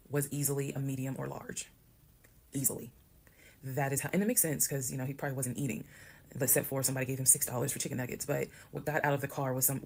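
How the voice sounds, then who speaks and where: A woman from Georgia, telling a personal story to camera in a lively way and acting out the voices of the people in it. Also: rumbling low, vocal fry. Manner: animated, acts out quoted voices. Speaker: storyteller in a TikTok clip. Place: played clip heard on a stream.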